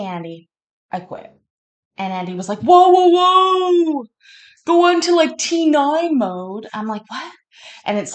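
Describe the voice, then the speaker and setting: Woman streamer, stoned, lower-pitched; casual and profane, keeps getting sidetracked. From Canada. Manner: chatty, profane, easily sidetracked. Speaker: streamer reacting to a court show. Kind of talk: casual rambling storytelling.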